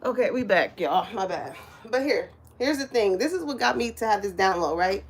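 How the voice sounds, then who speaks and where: A woman's voice: mid-range voice, lively intonation, normal speed, slight background noise. Profane, laughing spiritual reader woman. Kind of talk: casual direct-to-camera spiritual reading.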